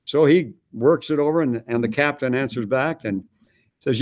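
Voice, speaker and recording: A man's voice: mid-range voice, normal speed. A man speaking at a conference, telling a story with acted-out dialogue and repeating himself for emphasis. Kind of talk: animated storytelling.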